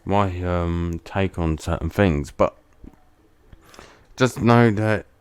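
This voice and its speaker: A man's voice: low-pitched, takes it slowly, darkish tone, clean tone, no echo. A man giving casual let's play commentary, talking earnestly and bluntly and often restarting his sentences. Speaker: gaming channel host.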